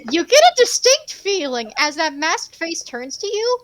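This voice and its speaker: A woman's voice: very high voice, very animated, a little slow, no room sound. A woman narrating a tabletop game as game master, describing scenes in a playful way.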